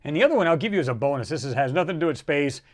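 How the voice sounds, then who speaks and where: A man hosting a casual livestream, rambling and animated as he reads out viewer comments and reacts to them. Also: a little high, very fast. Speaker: livestream host.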